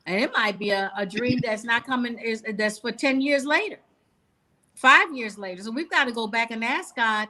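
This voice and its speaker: A woman's voice: fairly high pitch, normal speed, pushed and bright. A woman author and guest giving an inspirational talk on a video call, earnest and preachy.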